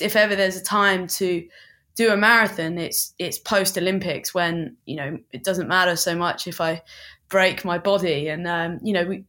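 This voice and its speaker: A woman's voice: mid-range voice, a bit bright. A young woman from England, chatting casually as a guest and talking with lots of "like" and "um" fillers. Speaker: Olympic athlete guest. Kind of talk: casual chat.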